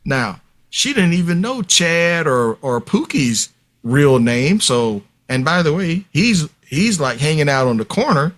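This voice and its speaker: A man's voice: a little high, big pitch swings, a little slow, fairly bright tone. A man speaking as a guest expert on a podcast interview, explaining at length in an emphatic, lecturing way and addressing listeners directly. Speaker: guest expert on paternity fraud.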